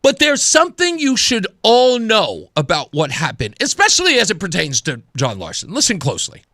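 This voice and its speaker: A man's voice: high voice, wildly swooping pitch, normal speed, bright, forceful tone, dry recording, studio quality. A man in his thirties hosting a talk radio show, delivering an opinionated monologue with sarcasm and mimicked voices. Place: radio studio. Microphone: studio microphone.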